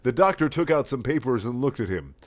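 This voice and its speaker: A man's voice: medium pitch, sing-song, fairly quick. A man giving a sarcastic, mocking comic reading of a fan story, swearing and cracking up as he goes. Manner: sarcastic, swearing, often laughing. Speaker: reader.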